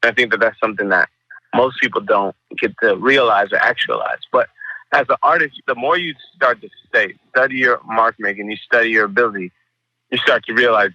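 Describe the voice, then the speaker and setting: A man's voice: on the low side, fairly quick, no room sound, muffled recording. A man who is a painter, talking casually and animatedly in an interview, swearing freely and acting out what other people say. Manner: animated, profane, acts out quoted voices. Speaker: artist guest.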